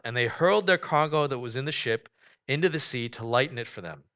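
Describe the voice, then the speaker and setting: A man preaching a sermon in a conversational way, often saying "you know", swinging between loud, emphatic stretches and quiet, low ones. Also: clear, resonant tone. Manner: conversational preaching, rising and falling in volume, frequent "you know". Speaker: pastor.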